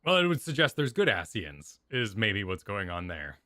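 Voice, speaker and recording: Bright-voiced man chatting on a game stream. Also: lowish voice, normal speed. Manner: animated, jokey, puts on silly voices for characters. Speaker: co-host playing a video game. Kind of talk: casual gaming stream chat.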